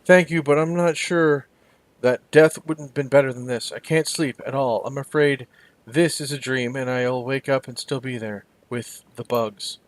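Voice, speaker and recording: A man voicing a frightened, bitter young woman in a video game, pitching up into a strained, insistent voice. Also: steady tone, moderate pace, no room sound, close to an everyday voice. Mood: haunted.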